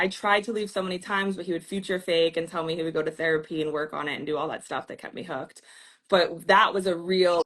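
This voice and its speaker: A woman's voice: fairly low pitch, a bit bright. A woman therapist hosting a candid conversation, speaking frankly and openly about her own experiences. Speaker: therapist and host.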